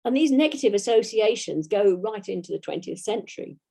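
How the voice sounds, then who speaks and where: A woman with a British English accent gives a history lecture, reading out dates and quotations at a measured pace. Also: mid-range voice, expressive, vocal fry, dark tone, breathy edge. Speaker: historian giving a talk.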